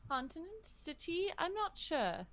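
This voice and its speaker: A woman's voice: very high-pitched, sing-song, a little slow, a bit bright, full character voice. A woman playing a flustered noble adventurer. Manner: hesitant, apologetic, stammering.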